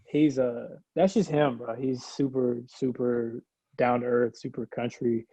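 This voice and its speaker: A young man from Iowa speaks as a podcast guest, his voice gravelly with a husky edge. He talks in a loose, easygoing way, laughing often and filling gaps with slang. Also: mid-range voice, little pitch movement, a little slow, warm tone, no echo, low-quality recording. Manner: laid-back, laughs often, lots of slang fillers. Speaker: guest, former college point guard. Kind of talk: casual podcast chat.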